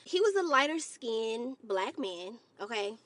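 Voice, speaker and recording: A woman vlogger telling a story to her viewers in an animated, exasperated way. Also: fairly high pitch, a little slow, no echo. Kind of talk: storytime commentary to camera.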